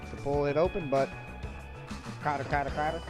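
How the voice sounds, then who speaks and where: In a low-quality recording, a man with a slightly high, steady voice livestreams a game, reading its dialogue aloud fairly quickly. He drops loose, joking asides between lines as game music plays in the background.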